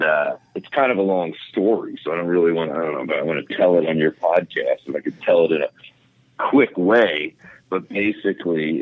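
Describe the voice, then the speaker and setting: A man's voice: low-pitched, no echo. A man, a comedian guest, telling a story in casual, profane chat with lots of fillers, over a tinny phone line. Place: home podcast setup.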